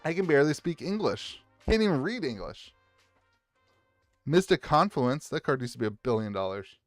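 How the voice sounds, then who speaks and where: A man's voice: fairly high pitch, very animated, moderate pace, no echo, faint music behind. A man with an Appalachian American accent, chatting casually and rambling as he sorts trading cards on a live stream and greets viewers by name. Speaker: card shop owner streaming live.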